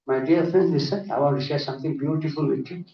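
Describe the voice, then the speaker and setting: A man giving a lively conference lecture full of anecdotes, often asking "isn't it?". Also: fairly high pitch, quick pace. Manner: animated, often adds 'isn't it?'. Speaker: conference speaker. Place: conference hall. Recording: echoey hall, distant dull mic.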